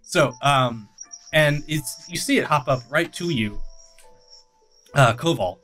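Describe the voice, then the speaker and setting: Halting tabletop game master. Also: medium pitch, lively intonation, fairly bright tone, faint music behind. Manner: halting, full of ums and restarts.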